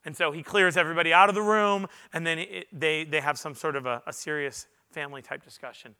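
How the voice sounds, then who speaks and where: A male pastor delivers a sermon to a big congregation in a church. His voice sits high for a man, with a sharp, ringing brightness. He talks earnestly, pushing up into loud emphatic peaks, then sinking into quiet, confessional asides. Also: steady tone, fast talker, smooth. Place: church auditorium before a large congregation.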